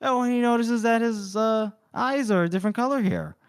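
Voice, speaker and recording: A man's voice: very high-pitched, fairly quick, smooth. A man co-hosting a podcast, casually retelling a story and acting out the quoted lines. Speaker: podcast co-host recapping a novel. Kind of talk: casual chat.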